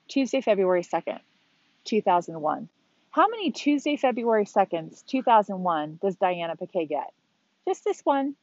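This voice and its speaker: A woman's voice: medium pitch, sing-song, moderate pace, darkish tone, dry recording. A woman in her forties hosting a podcast, talking candidly and with exasperation about her day, swearing now and then. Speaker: podcast host. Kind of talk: casual solo monologue. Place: outdoors on a beach. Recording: dull, slightly lo-fi sound.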